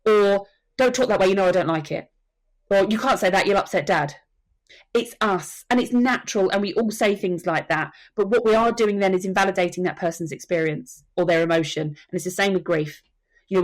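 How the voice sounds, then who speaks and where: A woman working as a death educator, telling stories earnestly and acting out what people said in a podcast conversation. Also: fairly low pitch. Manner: earnest storytelling, acts out quotes. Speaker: soul midwife and death educator.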